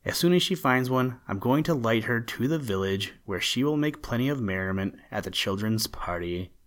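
A man's voice: medium pitch, expressive, normal speed, natural voice. A man reading as Jack O'Lantern, a friendly lantern sprite. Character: small lantern-carrying male sprite, friendly and helpful.

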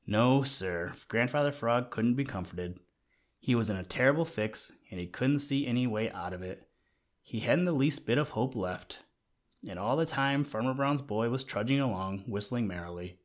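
A man reading a children's storybook aloud in a gentle way, talking to the listener now and then. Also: mid-range voice, expressive, normal speed. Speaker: narrator.

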